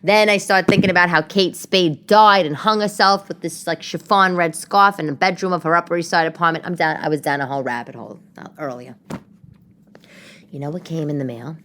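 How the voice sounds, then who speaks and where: A chatty woman tells stories at home in a loose, rambling way, trailing off into side comments. Her voice sits a little low for a woman. She talks casually, like she is chatting with a friend in her living room. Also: steady tone, a bit bright, slight background noise. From New York. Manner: chatty, rambling, self-interrupting with quick asides. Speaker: podcast host. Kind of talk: casual storytelling monologue.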